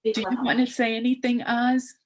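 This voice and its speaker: A woman hosting a memorial on a video call, polite and a little halting, with many fillers as she manages the call. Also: fairly high pitch, little pitch movement, a crowd in the background. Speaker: memorial host.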